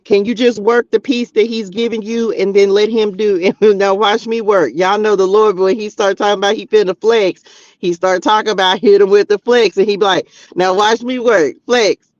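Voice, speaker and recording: A man hosting a spiritual livestream, preaching casually and talking straight to his viewers in animated slang while reading tarot cards. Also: sits high, no room sound, lo-fi sound. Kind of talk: casual preaching to a live chat. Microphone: streaming mic.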